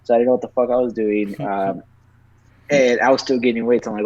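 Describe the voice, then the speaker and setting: A man's voice: mid-range voice, fairly even intonation, fast, a little mellow. A man in his thirties from Texas, a podcast guest telling a long story in casual chat and swearing freely as he rambles along. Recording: dry, slightly dull lo-fi sound.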